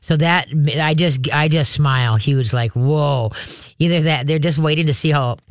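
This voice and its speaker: A man hosting a call-in radio show, giving dog training advice in a chatty, halting way, often acting out voices of dogs and owners. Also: fairly high pitch, no echo, studio quality.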